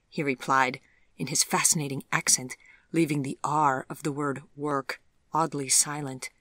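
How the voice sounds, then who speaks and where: Hushed, breathy audiobook narrator. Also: medium pitch, little pitch movement, moderate pace, dry recording, clean studio sound. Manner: soft, hushed, breathy reading. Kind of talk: scripted narration.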